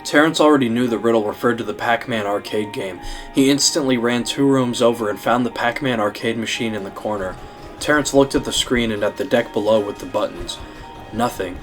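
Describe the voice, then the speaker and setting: A man reading a horror fan story aloud in steady, scripted narration, over background music. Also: medium pitch, brisk.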